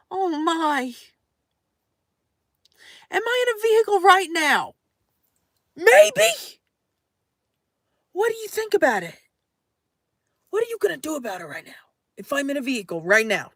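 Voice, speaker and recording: A woman's voice: high voice, fairly bright tone, dry recording, studio quality. A young adult woman live streaming late at night, reading chat aloud in a playful, theatrical way.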